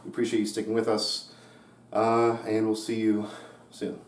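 A man's voice: fairly low pitch, completely flat delivery, moderate pace. A man co-hosting a casual unboxing vlog, joking around, swearing casually and exaggerating his complaints. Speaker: co-host unboxing a computer. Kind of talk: casual chat. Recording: echoey room with faint noise.

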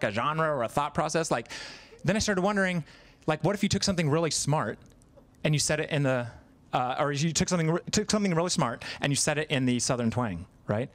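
A man's voice: a little high, a bit bright. A man in his thirties doing a stand-up comedy set on stage, conversational and self-deprecating, with lots of fillers. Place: live comedy stage, in front of an audience.

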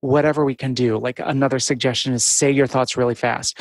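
A man co-hosting a podcast on therapy skills, explaining in a casual, animated and playful way. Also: mid-range voice, a little fast, no echo. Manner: animated, playful, breaks into funny voices. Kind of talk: casual instructional chat.

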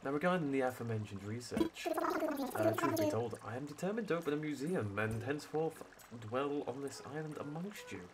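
A man's voice: very animated, a little fast, heavy background noise. A man voicing a fussy, scholarly male owl museum curator who is squeamish about bugs, reading game dialogue in a pompous, sophisticated tone. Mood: lecturing. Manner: pompous, sophisticated tone with flowery wording and sudden squeaky jumps. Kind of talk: reading game dialogue aloud in character on a stream. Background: loud game music.

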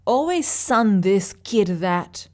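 An audiobook's furious young man, defiant and foul-mouthed, his voice pushed higher and louder as he lashes out, as a woman reads him. He spits insults in a raw, hot-tempered rush. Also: expressive, unhurried, close to an everyday voice. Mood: angry. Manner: shouting, spitting insults.

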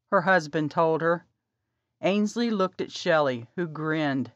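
A woman narrating an audiobook in a calm, measured reading. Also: low-pitched, dry recording. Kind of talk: scripted narration. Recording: dry, slightly dull audio.

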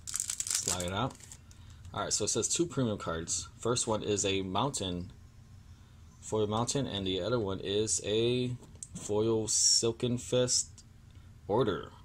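A man's voice: fairly low pitch, a little hiss or hum. Annoyed young man opening card packs. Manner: annoyed, apologetic, reads card names haltingly. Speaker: card-opening video host. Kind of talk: casual pack-opening vlog.

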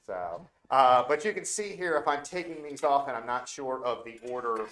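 A man working as a repair technician, demonstrating step by step in a relaxed, joking way while he works with his hands. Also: medium pitch, normal speed, echoey room. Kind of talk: live instructional demo with banter.

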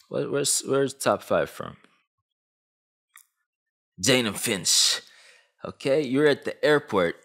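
A man in his twenties from Canada talks straight to camera in a comedic commentary rant. His pitch swings widely, jumping up and dropping low as he riffs in loose, slangy phrasing. His voice sits at a middling pitch for a man. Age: 20s. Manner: animated, swooping pitch, slangy. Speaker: YouTuber.

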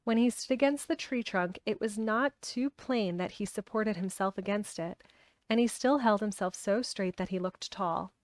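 A woman's voice: medium pitch, normal speed, dry recording. Woman reading a storybook aloud, dry sound. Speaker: audiobook reader.

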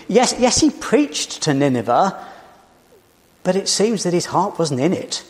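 British male preacher, unhurried, storytelling sermon with rhetorical questions, recorded in a reverberant church. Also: a little high.

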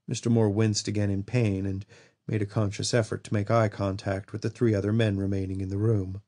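A man reading a horror novel aloud as an audiobook narrator, in steady storytelling. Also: lowish voice, fairly quick. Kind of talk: scripted narration.

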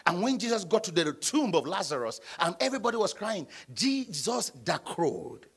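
A man, a pastor, preaching a midweek sermon in church, calling on the congregation to answer and bursting into shouts. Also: sits high, very animated, normal speed, slightly rough. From Nigeria. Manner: preaching with sudden shouts and call-and-response.

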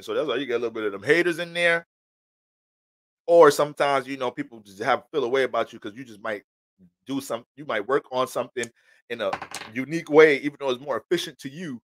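A man's voice: on the high side, a bit bright, dry recording. A man giving a casual astrology reading. He talks in a slangy, rambling, joking way.

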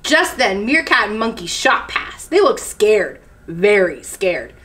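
A woman who is a children's librarian, reading picture books aloud at story time in an animated, expressive way. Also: medium pitch, slow.

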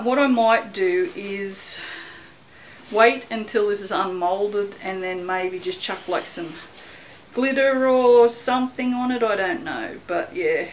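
A woman's voice: medium pitch, slight background noise, low-quality recording. A woman talking casually in a rambling, self-mocking way while making soap for her channel, with a bit of light swearing. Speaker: soap maker vlogger. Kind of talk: casual chatty vlog.

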